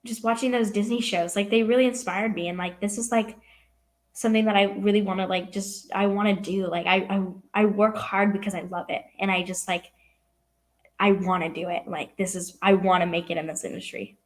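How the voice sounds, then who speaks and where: A woman's voice: medium pitch, fairly even intonation, brisk. A young woman from California, an actress answering interview questions in a casual, filler-heavy way. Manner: youthful, heavy use of "like" and "um". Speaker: actress guest.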